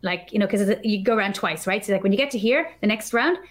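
A woman guest on a podcast, telling a story in an animated, chatty way, full of filler words. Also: medium pitch, fast. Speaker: podcast guest, developer advocate. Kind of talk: casual storytelling chat.

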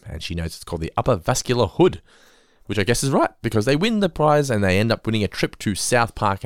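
A man's voice: fairly low pitch, no room sound, clean studio sound. A man hosting a podcast, casually recapping an episode with laughs and the odd swear. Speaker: podcast host.

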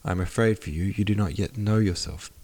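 A man voicing a grave, reserved aristocratic suitor with a measured, earnest delivery. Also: on the low side, warm tone, lightly acted.

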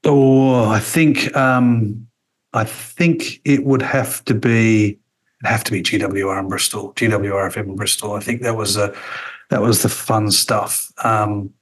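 A man's voice: fairly low pitch, steady tone, a little slow, slightly rough, rough recording. A middle-aged man, talking as an interview guest, reflective and full of ums and restarts. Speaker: interview guest, former radio executive. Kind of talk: conversational interview.

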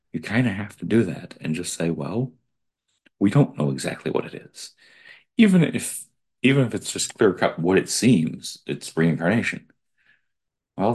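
Man, very low voice, husky tone, reads an article aloud, digressive asides. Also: a little mellow. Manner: digressive, pausing to add his own comments.

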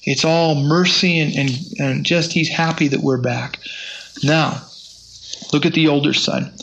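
High-voiced man teaching a sermon. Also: fairly even intonation, measured pace, gravelly, fairly bright tone, a little hiss or hum. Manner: reads scripture aloud with rising emphasis. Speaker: Bible teacher.

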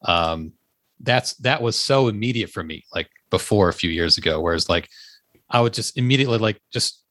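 A man's voice: on the low side, animated, moderate pace, fairly bright tone, no echo, studio quality. A man in casual conversation, talking through his feelings in a reflective, analytical way. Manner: reflective, analytical, self-examining. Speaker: podcast co-host. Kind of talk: casual chat.

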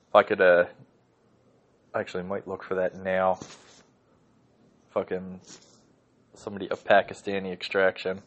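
A man hosting his own podcast. He rants in a rambling, profane way, full of fillers and throat-clearing. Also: sits low, monotone, normal speed, pauses often. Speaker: podcast host. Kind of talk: ranting casual monologue.

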